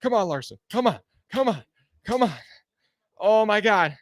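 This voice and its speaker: A man live-streaming a car race, giving excited, anxious fan play-by-play and pleading with the drivers, sounding out of breath. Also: high-pitched, normal speed, no room sound, clean studio sound.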